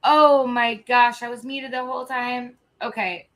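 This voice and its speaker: A woman's voice: fairly high pitch, fairly even intonation, a little slow, a bit bright. A woman live streamer chatting casually, rambling, swearing freely and restarting sentences, a little emotional.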